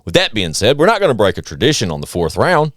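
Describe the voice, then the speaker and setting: A man hosts a casual podcast with lots of energy, and he swears freely. His voice sits a little low, but his pitch swings widely as he talks. The studio sound is dry and close to the mic. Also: fast, dry recording. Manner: hype, animated, swears freely. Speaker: podcast host.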